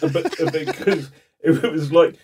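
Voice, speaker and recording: Male guest telling lively stories. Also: a little high, measured pace, very noisy. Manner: animated raconteur, chuckles as he talks. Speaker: guest, journalist. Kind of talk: casual storytelling interview.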